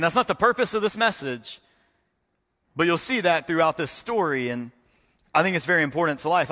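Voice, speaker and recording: A pastor preaches earnestly to his congregation, his bright, ringing voice carried with a long hall reverb. He speaks in a fairly high register for a man and slips into the voices of the people he quotes. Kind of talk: sermon.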